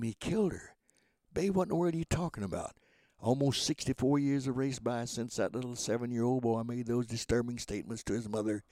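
A man in his nineties, a former voice actor, telling lively stories in a radio interview and acting out the voices. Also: medium pitch, no echo. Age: 90s. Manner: lively raconteur who acts out voices and laughs at his own jokes. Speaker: guest, voice actor and motivational speaker.

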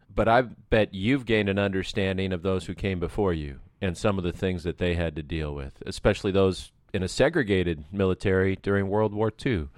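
A man hosts an interview, laying out context in a measured way before he asks each question. His voice sits low. The recording is dry, with no room sound. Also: no room sound.

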